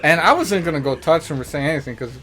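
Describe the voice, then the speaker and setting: A man hosting a podcast, telling stories in a profane, animated way and acting out the people he quotes. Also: fairly high pitch, quick pace, soft background music. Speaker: podcast host. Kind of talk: casual storytelling.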